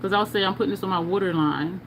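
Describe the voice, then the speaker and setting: A woman's voice: medium pitch, fast talker, slight background noise. A woman from New Jersey with a New Jersey and New York accent, chatting casually with viewers while doing her makeup on a livestream and laughing often.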